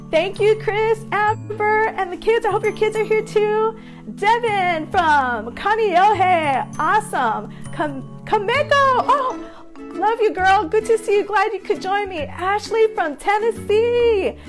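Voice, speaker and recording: A woman painting instructor from Hawaii, warmly greeting viewers by name during a live-stream lesson and cheering often. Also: extremely high pitch.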